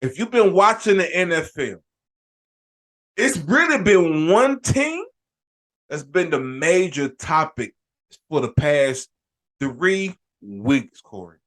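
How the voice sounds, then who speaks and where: A man hosting a casual sports podcast, telling an animated, ranting story with frequent restarts and shouted emphasis. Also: on the high side, slow. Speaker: podcast host.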